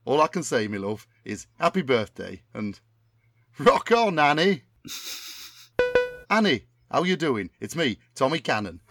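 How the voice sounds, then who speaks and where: A man's voice: medium pitch, sing-song, a little slow, long pauses, fairly bright tone, faint music behind, heavily acted. A man doing a chummy Bolton entertainer. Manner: chummy, rambling, oblivious. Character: middle-aged northern English male entertainer, creepily overfamiliar.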